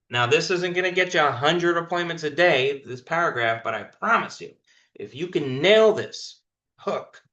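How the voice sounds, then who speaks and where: A sales manager, a man with a bright, pushing voice, walks his callers through a phone pitch and drives his points home by repeating them. His call audio sounds roomy and a bit dull, as if picked up from across a room. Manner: direct, coaching, repeats points for emphasis. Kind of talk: coaching a sales team on a video call. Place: online team meeting.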